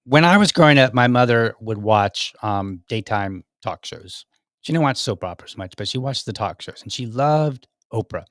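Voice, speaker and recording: A man's voice: mid-range voice, lively intonation, moderate pace, fairly bright tone, dry recording, studio quality. Rambling man hosting a solo podcast. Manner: rambling, self-correcting, many fillers. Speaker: podcast host. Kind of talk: casual commentary monologue.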